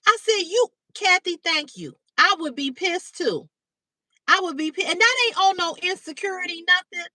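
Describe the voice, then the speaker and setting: Animated high-voiced woman host. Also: normal speed, no room sound. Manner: animated, blunt, swears freely, greets viewers by name. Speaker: livestream host. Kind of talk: casual storytelling to live chat. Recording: dry, slightly distant mic.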